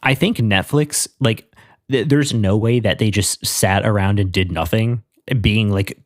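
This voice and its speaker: A young man chats on a podcast in a wry, measured way, slipping in dry jokes. His voice is low in pitch. The sound is close-miked and completely dry. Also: no echo. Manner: wry, deliberate, joking asides. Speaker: podcast co-host. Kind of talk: casual chat.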